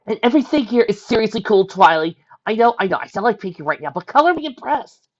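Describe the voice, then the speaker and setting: A man's voice: medium pitch, animated, a little fast. A man voicing a young woman who is a caring, upbeat foster sister, speaking in a friendly, reassuring way in a fan fiction reading. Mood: excited. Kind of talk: fan fiction read aloud. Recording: dull lo-fi home recording.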